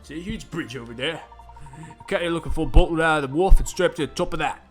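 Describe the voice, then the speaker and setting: A man voicing a streetwise male stray dog in a low, drawling voice. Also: quick pace, faint music behind, close to an everyday voice. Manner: low drawl, calls others "hound".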